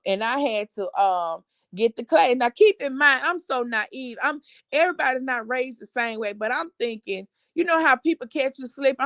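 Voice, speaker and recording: A middle-aged woman hosting a family live show, telling a story in an animated, expressive way. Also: high voice, no echo. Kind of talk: casual storytelling chat.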